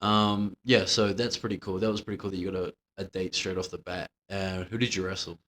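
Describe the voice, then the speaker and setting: A man's voice: sits low, level tone, fairly quick, a bit bright. A man co-hosting a podcast in casual chat, laid-back, swearing freely and laughing often. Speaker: podcast co-host.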